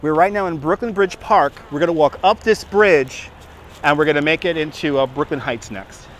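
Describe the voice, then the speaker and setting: A man's voice: a little high, normal speed, fairly bright tone, a little hiss or hum. A chatty man in his forties live-streaming a walking tour outdoors on a handheld phone, often laughing at his own jokes. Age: 40s. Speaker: livestreaming walking tour guide. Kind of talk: casual live-stream chat to viewers. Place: outdoors on city streets and a park. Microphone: phone on a handheld gimbal.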